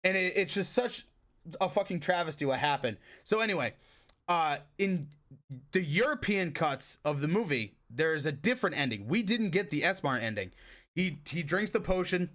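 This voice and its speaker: A man co-hosting a podcast, ranting excitedly about a movie in casual talk and swearing freely. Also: a little high. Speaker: podcast co-host.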